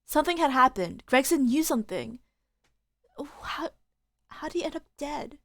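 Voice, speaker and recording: A young woman streaming a game playthrough, talking excitedly and emotionally, swearing often. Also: high voice, normal speed, dry recording. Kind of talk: live game playthrough commentary. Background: faint game music.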